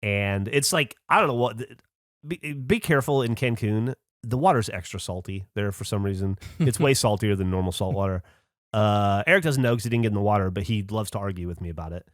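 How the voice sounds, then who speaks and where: A man hosting a podcast, telling a story in a casual, animated way with swearing and laughing asides. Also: on the low side, fairly quick, no room sound, studio quality. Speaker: podcast host. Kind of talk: casual chat.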